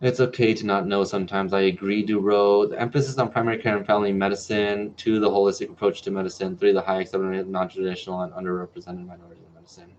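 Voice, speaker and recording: A man's voice: sits low, little pitch movement, fast talker, few pauses, darkish tone, slight background noise. Chatty young man on a lo-fi livestream. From New Mexico, US. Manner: chatty, reads viewer comments aloud and answers them. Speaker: medical student livestream host. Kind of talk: casual livestream Q&A. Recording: dull lo-fi livestream audio.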